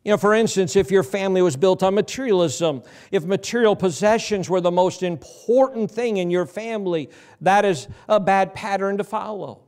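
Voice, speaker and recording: A man's voice: high-pitched, moderate pace, a little mellow. A middle-aged man preaching a sermon as pastor, folksy and conversational, asking the congregation questions. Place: church sanctuary.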